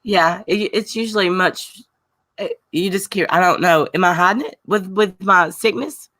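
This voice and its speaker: A woman's voice: on the low side, moderate pace, pushed and bright. A woman with a Southern US accent, sick and on cold medicine, teasing and laughing in a casual group chat.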